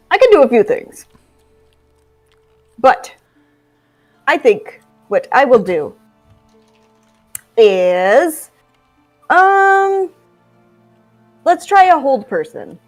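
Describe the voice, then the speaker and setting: A woman's voice: mid-range voice, poor audio. A woman playing a tabletop game, hesitant and thinking aloud with many fillers. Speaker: player.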